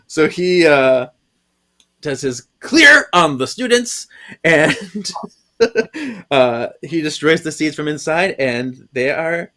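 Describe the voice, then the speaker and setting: A man's voice: on the high side, animated, takes it slowly, pushed and bright. A man hosting a podcast, recapping a comic casually, laughing often and acting out the quoted lines. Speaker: podcast host.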